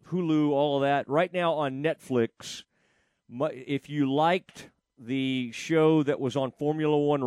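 A man's voice: mid-range voice, a little mellow, no room sound. Man, sports talk host, casual rambling chat, lots of fillers, dry close sound. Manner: rambling, with frequent fillers and restarts.

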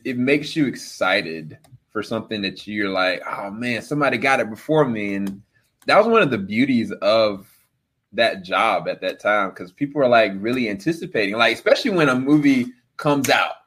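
A man's voice: on the low side, animated, normal speed, a bit bright. A man in his thirties, a guest in a casual chat, who talks in an easygoing way and laughs as he speaks. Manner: easygoing, laughs while talking.

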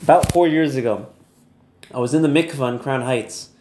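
A man's voice: mid-range voice, normal speed, a little mellow, echoey room, slight background noise. A man teaching an online Torah lesson in a casual, chatty storytelling manner, laughing easily.

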